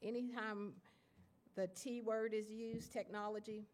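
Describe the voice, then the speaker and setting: A woman with an Appalachian Kentucky accent giving a lecture to an audience of writers, self-deprecating and halting, with many fillers and restarts. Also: a little high, flat delivery, darkish tone, a little hiss or hum. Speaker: guest lecturer. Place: lecture hall before an audience.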